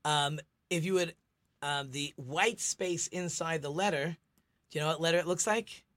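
A man's voice: on the high side, normal speed, fairly bright tone. A middle-aged man, a rabbi hosting a radio talk show, chatty and teacherly, telling jokes.

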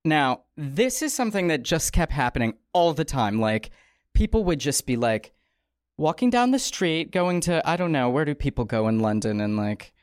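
A woman hosting a comedy podcast in a studio, with a raspy, strained throat, telling a story in a playful, rambling way full of asides. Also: low-pitched, very animated, normal speed, darkish tone, no echo. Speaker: podcast host.

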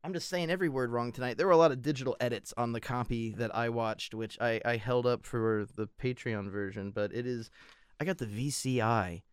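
A man's voice: medium pitch, fairly even intonation, a little fast, smooth, dry recording. An American man co-hosting a casual podcast, rambling and swearing freely with frequent laughs. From United States. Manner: rambling, profane, laughs a lot. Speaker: podcast co-host.

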